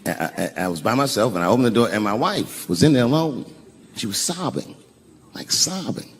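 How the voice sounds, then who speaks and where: A man performing a stand-up comedy set, telling a story in an animated way with loud punchlines. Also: mid-range voice, normal speed. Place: large theater with audience. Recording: live venue with long reverb and audience noise.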